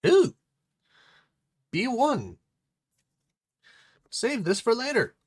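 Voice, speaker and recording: A man's voice: very high voice, wildly swooping pitch, extremely slow, breathy edge. A man streaming live, reading a puzzle book aloud and chatting playfully, often muttering to himself as he works.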